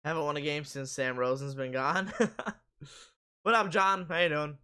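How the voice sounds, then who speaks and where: A man hosting a live sports stream, casually reading viewer comments aloud and answering them while his voice is going hoarse. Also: on the high side, steady tone, moderate pace, pushed and bright.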